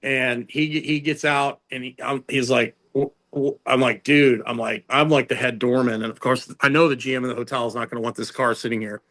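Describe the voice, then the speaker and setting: This middle-aged conditioning coach talks briskly as an interview guest, telling loose, animated stories in a mid-range voice that rises sharply for quoted lines. Fillers such as "like" and "you know" come often, along with many restarted sentences.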